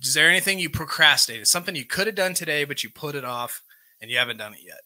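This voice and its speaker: A man leads a live recovery group. His voice is bright and forceful, sitting a little high. He speaks plainly, reading each item from a workbook and then explaining it. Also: expressive, fast. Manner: plain-spoken, reads defects from a workbook and explains them. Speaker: recovery meeting host. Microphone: live stream microphone.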